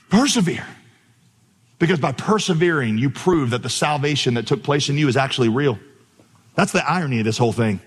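A man preaching a sermon from a church stage, telling vivid stories with exclamatory, animated delivery. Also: on the high side, big-room sound. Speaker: pastor.

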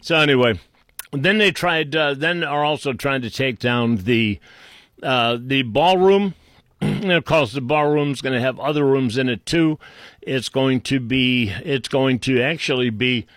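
A man with a Boston accent ranting sarcastically about politics, rambling, trading insults and clearing his throat. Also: medium pitch, measured pace, fairly bright tone, no echo. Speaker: political commentator. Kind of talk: unscripted political rant.

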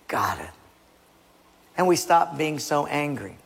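A male preacher delivers an emphatic sermon, often dropping his voice to a hush. His voice sits fairly high and sounds gravelly and husky. A long reverb from a large hall trails each phrase. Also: very animated, slow. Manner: emphatic, dropping to near-whispers.

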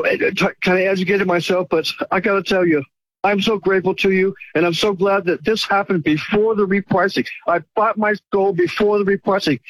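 Effusive high-voiced middle-aged male caller. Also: dry recording, low-quality recording. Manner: effusive, grateful, rambling. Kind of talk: phone-in call.

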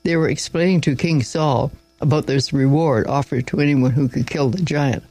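A man reads a Bible story aloud in a loose, informal manner, stumbling now and then and correcting himself. His voice is a bit high for a man, with a gravelly edge. The sound is dry and close, with faint music underneath. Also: moderate pace, darkish tone, no room sound, rough recording. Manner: informal, with slips and asides.

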